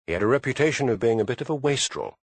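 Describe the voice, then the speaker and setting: A man narrating an audiobook in a measured storytelling manner. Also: medium pitch, expressive, breathy edge, no echo. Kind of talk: scripted narration.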